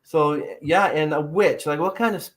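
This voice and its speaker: A man's voice: fairly high pitch, normal speed, a little hiss or hum. A man hosting a podcast interview, rambling and hesitant with many fillers. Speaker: podcast host. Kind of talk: casual interview chat.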